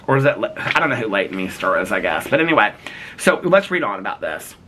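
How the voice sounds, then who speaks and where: A man chatting casually in a vlog, animated and playful, laughing often, recorded outdoors in the cold. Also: on the low side, fast talker, noisy background. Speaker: vlogger.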